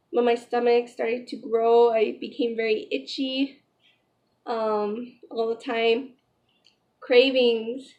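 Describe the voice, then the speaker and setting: A woman's voice: on the high side, darkish tone, lo-fi sound. A young pregnant woman chatting in a casual vlog, retelling a story emotionally with lots of "like" and "you know". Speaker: vlogger.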